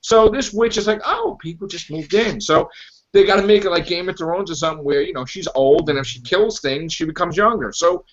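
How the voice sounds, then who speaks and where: A man's voice: high-pitched, a little fast. A man hosting a podcast, ranting in exasperated disbelief about a movie and acting out quotes. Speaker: podcast host. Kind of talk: casual movie review chat. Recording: dull lo-fi podcast audio.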